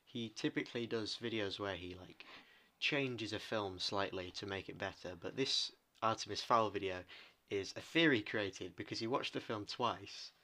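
A man co-hosting a podcast, retelling things in a rambling, animated way. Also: on the low side, moderate pace. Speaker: podcast co-host. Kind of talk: casual chat.

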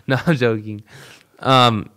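A man's voice: medium pitch, normal speed. A man hosting a casual podcast, bluntly breaking down an upcoming fight with plenty of swearing and 'bro'. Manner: blunt, swearing, calls listeners bro. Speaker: podcast host. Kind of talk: casual fight-prediction talk.

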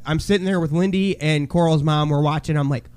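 A young man telling a heated story in casual chat, swearing a lot and breaking into shouts. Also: a little high, fairly even intonation, fairly quick, smooth. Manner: swears heavily. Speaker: podcast co-host.

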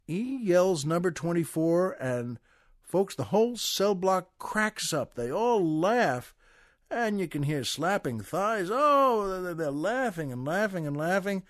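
An older American man hosting a comedy show, telling a long joke with folksy, chuckling asides in a relaxed way. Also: sits high, unhurried, dry recording, clean studio sound. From United States. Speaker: podcast host. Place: studio.

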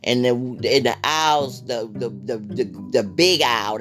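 Podcast guy rambling slow and blunt, cusses a lot, repeats stuff, little guitar in the back. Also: medium pitch, a bit bright. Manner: blunt, profane, repeats phrases. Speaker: podcast host. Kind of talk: casual spiritual monologue.

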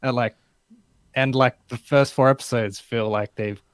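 A man's voice: mid-range voice, fairly even intonation, normal speed, smooth, no room sound. A man in casual chat who hedges a lot, filling with "like" and "I don't know". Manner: hedging, fills with "like" and "I don't know".

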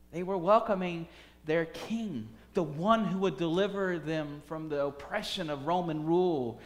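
A man preaching a sermon, swinging from soft, quiet phrases to loud, urgent calls. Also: fairly high pitch, in a large hall. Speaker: pastor.

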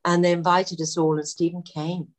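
A woman's voice: on the low side, normal speed. A middle-aged actress chatting as a guest, telling an anecdote casually and acting out the voices of people she quotes. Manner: animated, acts out quoted voices, many fillers. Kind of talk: casual storytelling chat.

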